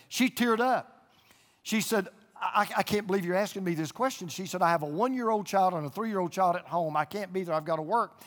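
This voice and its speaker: An older pastor preaches at a brisk clip in a fairly high voice, spinning folksy stories and hammering home his points with emphatic repetition. He speaks to a live and online audience, and his voice rings through the large church auditorium with a long reverb trail.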